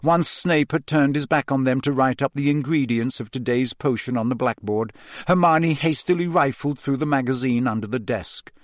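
A man reads a storybook aloud in a steady, expressive way. His voice sits in the middle range for a man. The recording is dry and close to the mic. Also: mid-range voice, normal speed, no room sound. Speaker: audiobook narrator. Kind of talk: scripted storybook narration.

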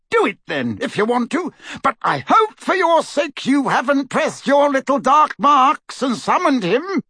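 A man reading an audiobook voices a gruff, scornful old male barman who talks bluntly and sarcastically. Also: very high voice, sharp tone, dry recording, studio quality, voice pushed up, full character voice.

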